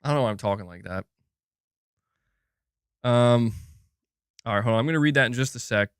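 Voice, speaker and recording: A man's voice: medium pitch, normal speed, clean tone, no echo, clean studio sound. A man hosting a live gaming stream, talking casually and thinking aloud, with lots of restarts and the odd swear.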